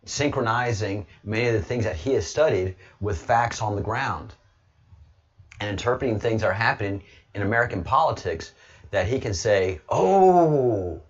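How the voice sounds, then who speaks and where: A man talking casually on his livestream, rambling and now and then breaking into loud, excited bursts. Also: on the low side, normal speed, dull audio. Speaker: livestreamer, political commentator.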